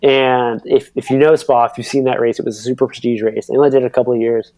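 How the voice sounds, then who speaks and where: A man in his thirties telling a racing story on a podcast, rambling and animated with lots of fillers and acted-out quotes. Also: medium pitch, quick pace, no room sound. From United States. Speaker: podcast guest, pro cyclocross racer. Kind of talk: casual storytelling.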